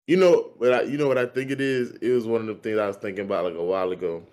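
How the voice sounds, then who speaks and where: Relaxed man musing on a podcast. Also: on the low side, very fast. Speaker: podcast co-host. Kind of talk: casual chat.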